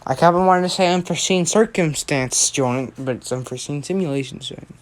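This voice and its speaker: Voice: medium pitch, a little fast. A young adult telling a fan story casually, rambling and correcting themselves, often tagging lines with "right?".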